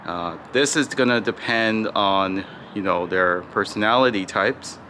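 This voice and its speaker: A man teaching phone sales technique in a casual tutorial, talking in a mostly flat, unhurried tone and peppering his points with "right?" and "you know". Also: lowish voice, a little hiss or hum. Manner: calls his own default voice flat and slow, demonstrates tones. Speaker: sales coach.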